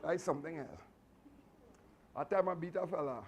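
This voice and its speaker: A man with a Trinidadian accent, telling animated, chatty stories to a martial arts class with laughing asides. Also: on the high side, normal speed, husky. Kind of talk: storytelling speech to a class.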